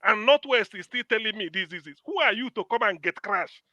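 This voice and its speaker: A Nigerian man arguing in a heated political debate, loud and emphatic, slipping into pidgin. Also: sits high, animated, brisk, no room sound. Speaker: panel guest.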